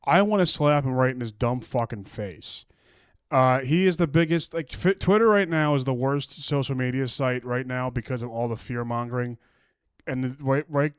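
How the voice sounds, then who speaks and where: A man's voice: medium pitch, smooth, no room sound, studio quality. Mocking, foul-mouthed man ranting. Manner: mocking, angry, crude, lots of restarts. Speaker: streamer reacting to posts. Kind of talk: profane casual rant.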